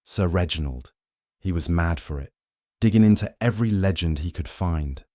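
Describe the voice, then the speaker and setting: A man's voice: low voice, moderate pace, dark tone, no room sound, clean studio sound, close to an everyday voice. A man voicing a wiry, weathered Yorkshire groundskeeper with a thick Yorkshire accent, terse and guarded. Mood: wary.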